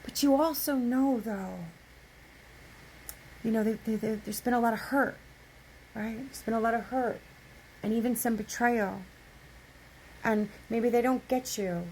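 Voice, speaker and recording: A woman's voice: a little high, measured pace, long pauses, darkish tone, a little hiss or hum, poor audio. A woman giving an impassioned spiritual monologue, emphatic, often repeating words, swearing casually and asking "right?". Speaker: spiritual speaker.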